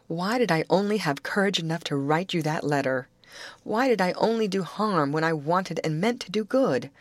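A woman's voice: fairly low pitch, expressive, moderate pace, dry recording, lightly acted. A woman voicing a frail, frightened young woman who speaks in a vacant, sorrowful, pleading way. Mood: remorseful.

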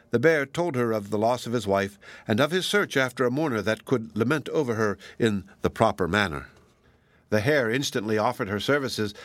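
A man reading a fairy tale aloud as narrator, steady and measured. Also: mid-range voice, no echo. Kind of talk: storybook reading.

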